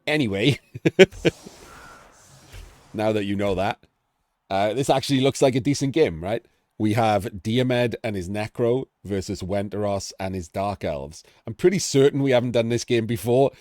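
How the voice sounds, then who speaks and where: Rambling, chatty man, low voice. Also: normal speed, a little mellow, dry recording, clean studio sound. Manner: rambling, chatty, self-interrupting. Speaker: game analyst. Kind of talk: casual game analysis commentary.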